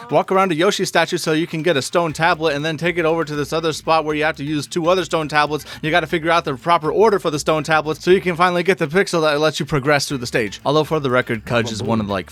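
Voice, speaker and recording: A man hosting a comedic video game rant, exaggerated and indignant, swinging between loud outbursts and low mutters. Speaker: video game commentary host.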